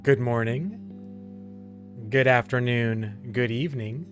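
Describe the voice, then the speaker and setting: A man giving casual, rambling commentary over his gameplay, laughing often and pausing with fillers. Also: medium pitch, faint music behind. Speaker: gameplay streamer.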